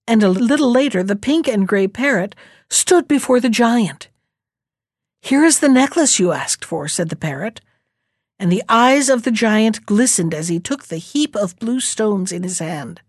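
Woman narrator, fairy tale reading, steady, measured, dry close sound. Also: medium pitch, dry recording. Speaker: storyteller. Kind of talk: storybook reading aloud.

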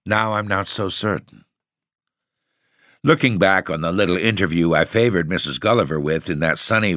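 Deep-voiced male storyteller. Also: a bit bright, no room sound, clean studio sound. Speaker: narrator. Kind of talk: first-person storytelling reading.

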